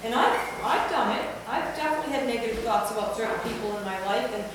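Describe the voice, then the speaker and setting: A woman's voice: fairly high pitch, fast talker. Woman giving heartfelt advice, echoey hall. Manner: confessional, laughing asides. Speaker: workshop speaker. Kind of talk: personal advice talk. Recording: echoey hall, far from mic, noisy.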